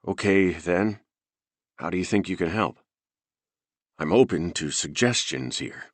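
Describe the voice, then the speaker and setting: A man's voice: deep voice, unhurried, dry recording. A man doing a stressed, sleepless detective. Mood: frustrated. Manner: urgent, snapping under stress.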